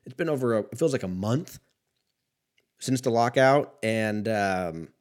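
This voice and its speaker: A man's voice: fairly low pitch, animated, a little slow. Profane rambling man in his thirties. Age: 30s. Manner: rambling, profane, laid-back, self-mocking. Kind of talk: casual solo sports rant.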